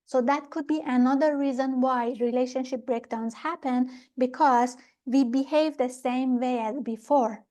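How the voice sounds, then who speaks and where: A woman instructor giving a spiritual teaching talk, explaining calmly and checking in with her listeners. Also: fairly high pitch. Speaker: meditation workshop instructor.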